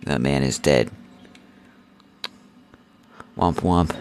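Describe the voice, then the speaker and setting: A man with a very deep, gravelly voice cracks jokes as he plays through a game. He keeps talking straight to his viewers and slips into goofy voices. A little faint noise sits behind him. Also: sing-song, slow, long pauses. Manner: goofy, jokey, talks to the viewer in silly voices. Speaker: gaming video host. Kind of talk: let's play commentary.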